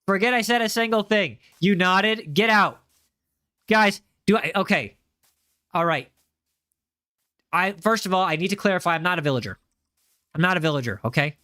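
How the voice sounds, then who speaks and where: A man's voice: high voice, normal speed, pauses often, bright, forceful tone, clean tone, no echo, clean studio sound. A man streaming a game live, joking around and talking to his chat in a playful way. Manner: playful, jokey, chatting with viewers. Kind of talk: live gameplay commentary.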